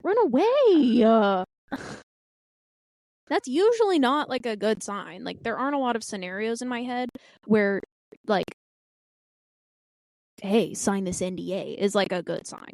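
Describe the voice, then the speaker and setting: A woman's voice: mid-range voice, lively intonation, unhurried, pauses often, darkish tone, no room sound. Blunt, wry young woman, dry sound. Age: 20s. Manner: blunt, wry, swears casually. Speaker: podcast co-host. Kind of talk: casual chat.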